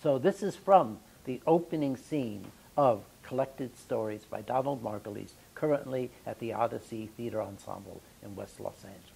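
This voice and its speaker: A man hosting a theater show, introducing a scene in a measured, informational way. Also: medium pitch, gravelly, dark tone, a little hiss or hum, rough recording. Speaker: host.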